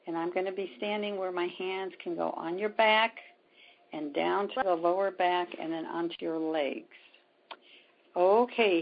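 Gravelly husky-voiced woman telling a story. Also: fairly low pitch. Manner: retells events with quoted dialogue, many ums. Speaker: spiritual healer guest. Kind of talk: storytelling in a conversation. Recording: dull lo-fi sound.

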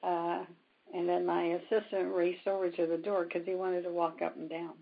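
Woman storyteller, low-pitched gravelly husky voice, lo-fi recording. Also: flat delivery, moderate pace. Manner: retells events with quoted dialogue, many ums. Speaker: spiritual healer guest. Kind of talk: storytelling in a conversation. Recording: dull lo-fi sound.

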